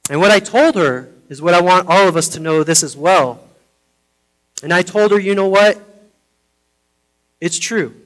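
A pastor preaching a sermon to his congregation, earnest, moving between teaching and soft personal storytelling. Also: sits high, animated, moderate pace, poor audio. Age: adult, parent of a foster daughter. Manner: earnest, drops softly into personal stories.

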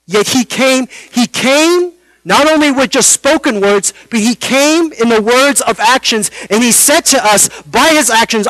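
A man's voice: extremely high pitch, fairly bright tone, dry recording, low-quality recording. Male pastor, earnest preaching delivery, dry close sound. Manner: earnest preaching with dramatic pauses and rhetorical questions. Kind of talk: sermon.

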